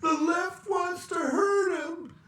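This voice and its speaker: A man voicing a gushing female press secretary in a high, sing-song falsetto. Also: steady tone, slow pace, pushed and bright, distant mic, exaggerated voice. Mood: fawning. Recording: echoey room, away from mic.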